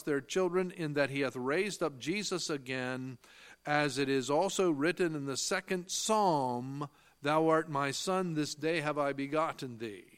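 During his sermon, a man with a somewhat high, slightly bright voice reads and explains old-fashioned scripture passages. His delivery is slow and emphatic; he underlines key phrases and asks his listeners questions only to answer them himself.

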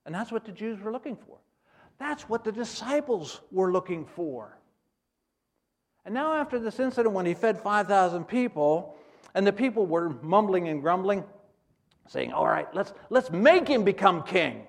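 Brief: high-pitched male preacher, animated, acting out the scenes he teaches. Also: normal speed. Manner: animated, acts out scenes in character voices. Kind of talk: sermon.

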